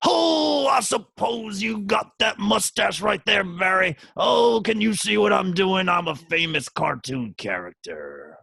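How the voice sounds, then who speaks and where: A man putting on a loud, gruff cartoon cowboy voice for a trivia bit. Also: high-pitched, animated, measured pace, hardly any pauses, dry recording, pitched above the performer's own voice, heavily acted. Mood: blustery.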